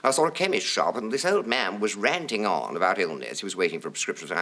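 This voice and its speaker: A man in his fifties tells anecdotes as a chat show guest, with arch, drawn-out vowels and theatrical mimicry of the voices he quotes. His pitch swoops widely. His tone is bright and cutting. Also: big pitch swings. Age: 50s. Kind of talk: anecdotal storytelling.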